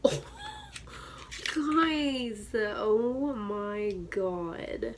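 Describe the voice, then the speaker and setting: A woman's voice: mid-range voice, expressive, very slow, a little hiss or hum. A woman in her thirties vlogging a beauty unboxing, gushing with squeals and dropping to whispered asides. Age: 30s. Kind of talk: excited unboxing chat.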